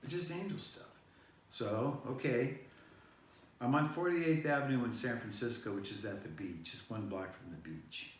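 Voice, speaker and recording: A vlog host meanders through a personal story at normal speed, full of fillers, restarts, and circling back. His voice is middle-pitched, and he sits far from the mic in a very echoey room with a faint hiss underneath.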